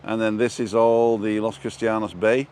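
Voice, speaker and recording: A man's voice: lowish voice, level tone, normal speed, a little mellow, clear, resonant tone. A man hosting a casual walking vlog outdoors, chatting and reading out viewer comments, recorded on a wireless lapel mic. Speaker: vlogger host. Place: outdoors on a seafront promenade.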